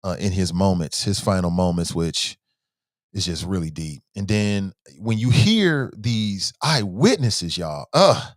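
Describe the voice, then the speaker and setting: A man's voice: low-pitched, animated, a little slow, dry recording, clean studio sound. Candid man hosting news commentary. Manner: conversational, addresses viewers directly, swings between joking and heavy emotion. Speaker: show host.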